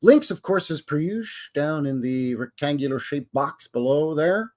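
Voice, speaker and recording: A man's voice: on the high side, lively intonation, moderate pace, darkish tone. A man with a Canadian accent hosting a live stream, greeting his chat in a jokey, folksy way. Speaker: livestream host.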